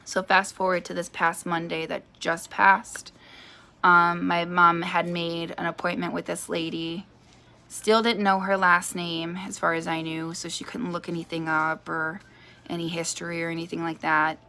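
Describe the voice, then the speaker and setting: A vlogger in her thirties tells a personal story with a fairly low, flat, sharp-toned voice at a moderate pace. She's chatty, uses lots of fillers, and acts out quoted voices.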